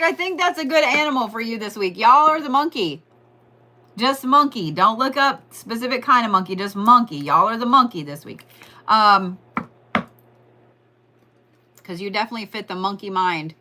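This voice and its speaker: A woman's voice: fairly high pitch, pushed and bright. A woman giving a casual, rambling astrology reading, joking and swearing as she talks straight to her listeners. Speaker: astrology and Reiki host.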